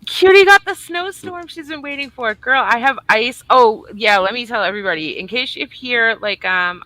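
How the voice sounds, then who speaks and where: A woman's voice: lowish voice, bright, forceful tone, no echo. A woman co-hosting a casual livestream, bubbly and teasing as she greets viewers. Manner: bubbly, teasing, swings between squeals and mutters. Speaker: livestream co-host.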